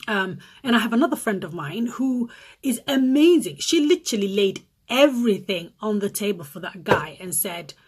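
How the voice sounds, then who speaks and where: A middle-aged woman vlogging casually to camera, telling animated stories and acting out her friends' lines. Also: normal speed, breathy edge. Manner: animated storytelling, acts out friends' lines in a higher voice.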